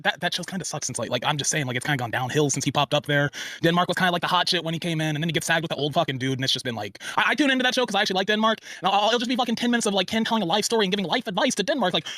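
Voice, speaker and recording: A man guest on a livestream, telling stories fast and loose with lots of swearing. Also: high voice, expressive, sharp tone, dry recording, clean studio sound. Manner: rapid, laughing, profane storytelling. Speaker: guest co-host. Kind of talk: casual livestream chat.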